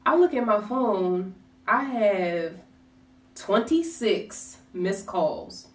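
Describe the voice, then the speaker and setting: A woman vlogger telling a personal story in a lively, casual way, swearing and acting out what people said. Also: medium pitch, drawn-out words. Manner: animated, swears, acts out quotes. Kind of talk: storytime vlog. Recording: roomy echo, distant from mic.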